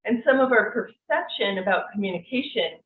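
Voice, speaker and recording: A woman teaching an online course, explaining things in a relaxed, conversational way with frequent fillers. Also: medium pitch, brisk, a little hiss or hum. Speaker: NLP course instructor. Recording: tinny, echoey, distant mic.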